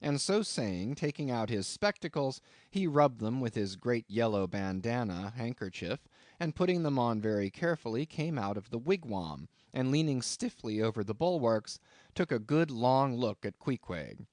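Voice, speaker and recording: A man's voice: normal speed, dry recording, studio quality. A man narrating a classic novel as an audiobook, reading expressively. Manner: expressive reading with wide pitch swings.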